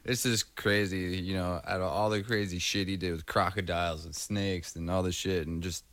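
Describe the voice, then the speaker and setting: Crude, joking man with lower voice. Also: steady tone, normal speed, a bit bright, no room sound. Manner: joking, crude, laid-back. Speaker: podcast co-host. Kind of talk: casual chat.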